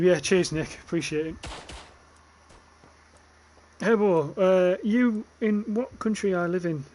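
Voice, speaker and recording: Chatty Northern English man, higher voice. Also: a little mellow. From northern England. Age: young adult. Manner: chatty, swears freely, reads chat aloud. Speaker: livestreamer. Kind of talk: casual gaming livestream chat.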